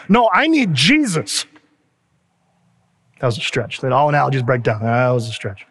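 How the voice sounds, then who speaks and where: A man with a high voice preaches in a loose, animated, conversational manner, acting out quoted lines as he goes. His voice rings out with the long reverb of a large hall. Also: fairly quick. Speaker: pastor. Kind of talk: sermon.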